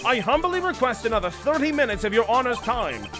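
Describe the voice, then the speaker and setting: A man playing a cool, courteous prosecutor in a courtroom video game, keeping an even, measured delivery. Game music plays underneath. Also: extremely high pitch. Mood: composed.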